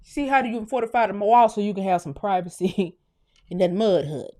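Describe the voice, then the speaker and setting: A woman from the United States hosting her own channel, delivering a profane, heated commentary rant that swings from low muttering to shouting. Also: animated, normal speed. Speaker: channel host. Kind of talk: ranting commentary vlog.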